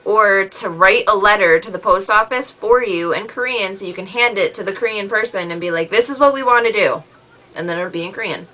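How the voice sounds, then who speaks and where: A young woman chatting in a casual video message to a friend, full of fillers and animated retellings. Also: mid-range voice, brisk, hardly any pauses, low-quality recording. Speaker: vlogger replying to a friend.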